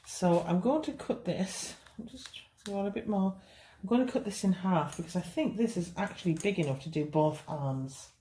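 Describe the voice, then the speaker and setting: A woman's voice: on the low side, normal speed, few pauses, mellow, a little hiss or hum. A woman teaching a beginners' cake decorating tutorial, chatty and reassuring. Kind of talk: hands-on baking tutorial.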